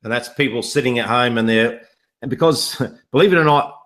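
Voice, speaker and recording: A man's voice: mid-range voice, brisk, a bit bright. A man chatting on a live video call, telling jokes and rambling stories in casual conversation. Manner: joking, rambling storyteller. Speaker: online business promoter.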